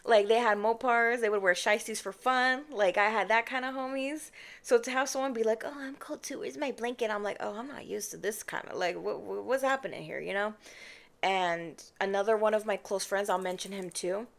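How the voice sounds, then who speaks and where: A woman's voice: medium pitch, moderate pace, gravelly. Sassy chatty young woman telling a story. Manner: chatty and expressive, mimics others with mock voices; sassy, addresses viewers as babes and y'all. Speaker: vlogger. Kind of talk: casual storytime monologue. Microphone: personal microphone.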